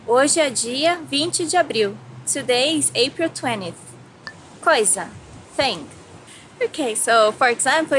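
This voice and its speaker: A Brazilian woman with a Brazilian Portuguese accent teaching Portuguese words, cheerfully repeating each word slowly and giving its English meaning. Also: fairly high pitch, fairly bright tone. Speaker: language teacher. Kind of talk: bilingual vocabulary lesson. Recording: echoey room with faint noise.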